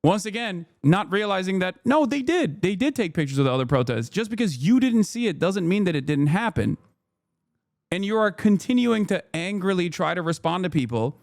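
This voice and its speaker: A man in his thirties hosting a live stream, reacting to news with fast, heated rants and rhetorical questions. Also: high voice, sing-song, darkish tone, dry recording, studio quality.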